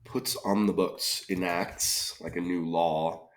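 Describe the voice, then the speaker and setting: A man's voice: sits low, steady tone, slow. A man solving a crossword aloud, musing tentatively and often trailing off with questions. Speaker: crossword solver. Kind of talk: thinking-aloud puzzle solve.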